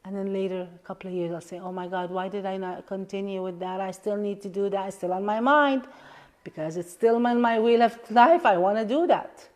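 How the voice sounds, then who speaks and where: A woman at an ordinary middle pitch speaks as a life coach in a live session. She talks earnestly, repeating affirmations and gentle questions as she guides a tapping exercise. Her voice often sinks into a soft hush. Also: fairly even intonation, fairly quick.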